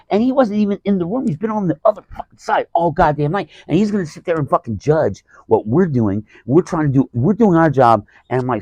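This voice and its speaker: A man's voice: a little high, animated, brisk, few pauses, darkish tone, dry recording, poor audio. A man telling a profane, exasperated story about a show as a stand-up comedian. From Alabama. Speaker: stand-up comedian, podcast host. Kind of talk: casual storytelling rant.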